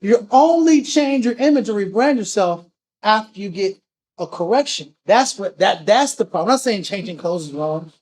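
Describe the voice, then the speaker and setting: A man's voice: sits high, expressive, moderate pace, a little mellow. A man in a casual group discussion, joking and playful.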